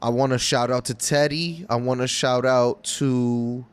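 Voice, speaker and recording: A man's voice: mid-range voice, fairly even intonation, a little slow, smooth. A man co-hosting a gaming podcast, joking around in casual chat. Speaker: podcast co-host.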